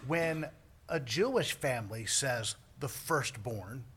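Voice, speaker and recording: A man's voice: medium pitch, lively intonation, slow, fairly bright tone, slightly rough. A man preaching a sermon as a priest, joking with the congregation between points. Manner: joking, self-deprecating asides to the congregation.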